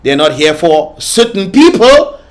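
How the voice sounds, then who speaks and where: This vlog host's reaction commentary is full of scolding, mockery and laughter. He speaks a bit slowly in a high-pitched voice that swings widely in pitch.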